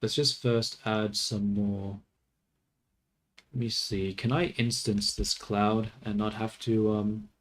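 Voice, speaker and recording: Brief: man with a lowish voice, casual think-aloud streamer, mutters and swears lightly through his work. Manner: mutters to himself, swears casually, laughs at mistakes. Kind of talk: casual think-aloud commentary while working.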